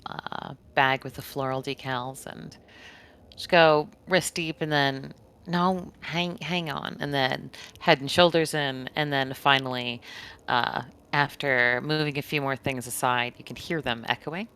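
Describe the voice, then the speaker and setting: A woman's voice: extremely low pitch, steady tone, a little slow, a bit bright, smooth. A woman narrating her character's actions in a tabletop game, descriptive and playful. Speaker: player. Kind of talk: tabletop role-play narration.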